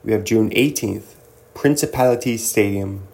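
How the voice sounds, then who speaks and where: A man's voice: lowish voice, normal speed, vocal fry, dark tone. A young man hosting a casual solo commentary, joking and laughing often as he reads through a list. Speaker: host.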